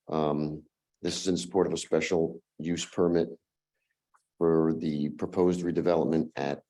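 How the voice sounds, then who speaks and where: A hoarse man who is losing his voice, making a formal presentation as an applicant to a town zoning board and running through a numbered list with fillers. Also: low-pitched, warm tone. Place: town meeting room.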